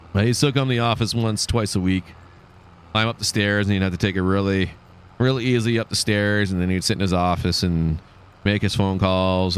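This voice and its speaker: Male streamer, low register, chatty meandering anecdote delivery. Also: smooth. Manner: rambling, with many fillers and restarts. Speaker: livestream host. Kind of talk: casual storytelling during a game stream.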